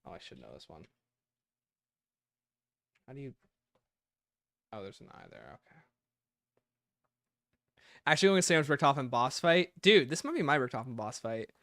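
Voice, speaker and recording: Animated male streamer, bright tone, loose joking livestream chatter. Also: medium pitch, moderate pace, pauses often, dry recording. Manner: animated, joking, thinking aloud. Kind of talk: casual livestream chat.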